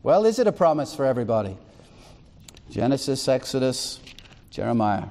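A man's voice: mid-range voice, sing-song, normal speed, warm tone, long reverb tail. A man preaching a sermon as pastor, reading scripture aloud and firing rhetorical questions at the congregation. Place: church.

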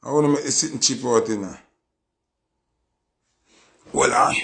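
On a relaxed livestream, a Jamaican-accented music reviewer talks through songs, bragging, stressing his opinions and saying them more than once. He speaks at normal speed in a medium-pitched, slightly bright voice.

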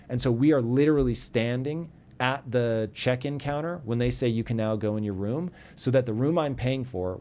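A man's voice: medium pitch, a little mellow. Middle-aged guy on a podcast telling a story, acts out both sides of a fight. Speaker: podcast guest. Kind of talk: casual storytelling.

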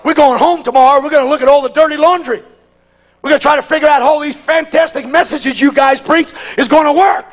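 A man preaching a Pentecostal sermon at a conference. He talks in a folksy, plain-spoken way and swings from hushed asides to shouted exhortation. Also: very high-pitched, fairly even intonation, quick pace, dull audio.

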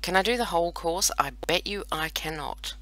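With a fairly high, bright, forceful voice at normal speed, an Australian man around forty mocks himself and jokes around as he plays. It's casual let's play commentary, dry and without room sound.

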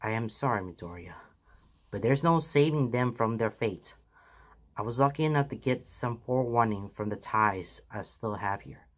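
A man voicing a weary, solemn older mentor hero in a fan fiction reading, speaking slowly and gravely. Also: medium pitch, expressive, lightly acted. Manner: grave, slow and deliberate.

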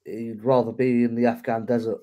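A young man co-hosting a football podcast in casual chat, talking in a measured, reflective way. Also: mid-range voice, flat delivery, muffled recording. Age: young adult. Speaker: podcast co-host.

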